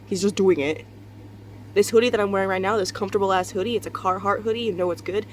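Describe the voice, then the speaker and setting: A woman's voice: medium pitch, quick pace, slight background noise. A young woman, tired and just out of bed, rambling candidly in a casual confessional vlog from her bedroom, swearing and laughing often. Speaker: vlogger. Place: bedroom at home.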